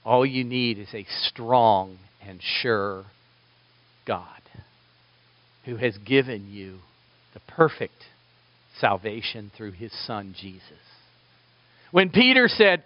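A male pastor preaching a sermon, swinging from loud, high pleading prayers down to hushed near-whispers. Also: lively intonation, measured pace, long pauses, dry recording, dull audio.

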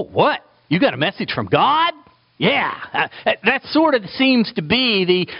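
Guy preaching slow, animated, voice jumps all over, kinda muffled lo-fi sound. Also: high-pitched. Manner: animated, acts out quoted voices for humor. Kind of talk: sermon.

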